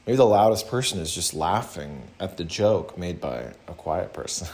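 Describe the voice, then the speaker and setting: A young man from the American South, chatting casually to viewers in a slow, rambling way with many pauses and restarts, in a put-on voice. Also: deep voice, expressive, darkish tone. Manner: talking in a put-on different voice today. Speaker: vlogger talking to viewers. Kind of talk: casual rambling livestream chat.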